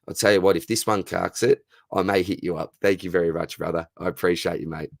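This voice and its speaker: A man in his thirties with an Australian accent, hosting a casual live Q&A, chatty and friendly, his voice going a bit hoarse. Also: low voice, steady tone, fast talker, no echo. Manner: friendly, says "mate" constantly. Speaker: fantasy football livestream host. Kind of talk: casual live Q&A, reading chat questions.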